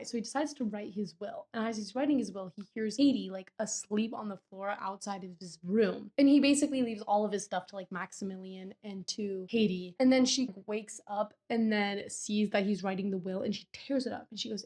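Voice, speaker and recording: A young woman talking through a book she has just finished, in a loose, chatty way. She retells each scene with plenty of "like" and quick bits of quoted dialogue. Her voice sits at a middle pitch. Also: darkish tone. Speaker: book reviewer. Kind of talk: casual book recap.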